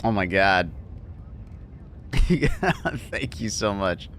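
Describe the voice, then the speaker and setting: A man chatting casually on a livestream, laughing often and thanking viewers excitedly. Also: fairly low pitch, takes it slowly, a little hiss or hum. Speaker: streamer.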